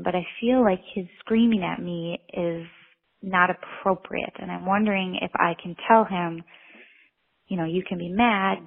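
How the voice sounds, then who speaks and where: A woman's voice: on the low side, vocal fry, breathy edge. A woman in her thirties calling in to ask for advice, earnest and worried about her child. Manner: earnest, worried, explaining at length. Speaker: caller. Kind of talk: call-in question. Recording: tinny phone line.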